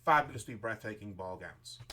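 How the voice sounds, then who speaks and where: A man narrating a tabletop game as game master, rambling with many pauses and restarts. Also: fairly low pitch, expressive, bright, forceful tone.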